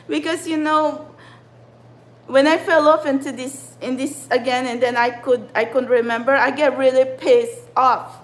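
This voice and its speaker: A woman speaks in a high voice. She rants to her spiritual followers in an upset, frustrated tone and swears freely throughout. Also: little pitch movement, measured pace, low-quality recording. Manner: ranting, frustrated, swears often. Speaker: spiritual channeler and tarot reader. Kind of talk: impassioned livestream monologue.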